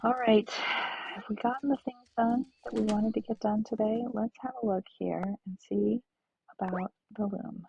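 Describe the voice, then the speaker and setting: A woman's voice: medium pitch, steady tone, normal speed, vocal fry, breathy edge, dry recording. A woman streaming a farming game, chatting and thinking aloud to her viewers. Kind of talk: casual let's-play chat. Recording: dull lo-fi stream audio.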